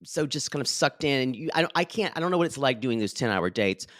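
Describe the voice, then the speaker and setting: A man co-hosting a podcast, recapping a reality show in a gossipy, sarcastic, animated way. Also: medium pitch, quick pace, dry recording, studio quality. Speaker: podcast co-host. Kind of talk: casual recap chat.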